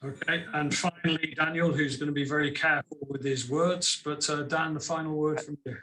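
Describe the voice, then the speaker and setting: Chatty higher-voiced man hosting a webinar. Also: steady tone, sharp tone, slight background noise. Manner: chatty, repeats words, quick asides. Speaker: webinar host. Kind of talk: moderating an online panel. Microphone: video call.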